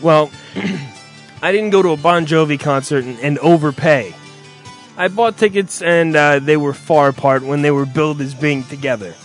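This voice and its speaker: A man's voice: fairly high pitch, moderate pace, faint music behind. A man in casual chat, ranting through a story with lots of swearing and exasperation.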